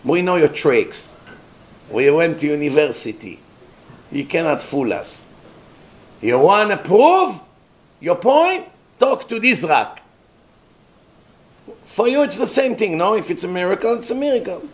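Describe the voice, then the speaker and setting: A man's voice: on the high side, lively intonation, normal speed, lightly acted. A man voicing a crowd of smug university-educated skeptics who taunt and sneer. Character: smug mocking male skeptics, university types.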